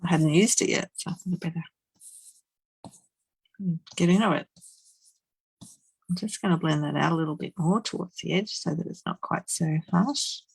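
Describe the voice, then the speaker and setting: Chatty, giggly female crafter with a low, husky, gravelly voice, talking through a live demo. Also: moderate pace, long pauses, dry recording, low-quality recording. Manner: chatty, giggly, murmurs to herself while working. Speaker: card-making demonstrator.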